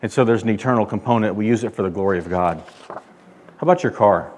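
A male pastor delivering a sermon, emphatic, rising and getting louder when he quotes God. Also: lowish voice, fast, slight background noise. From California. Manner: emphatic preaching, loud when quoting God.

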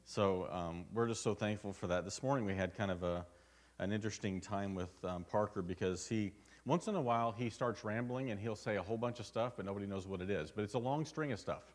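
A man's voice: lowish voice, fairly quick. A man preaching a sermon at a church service, telling a personal story in an earnest, conversational way. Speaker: pastor.

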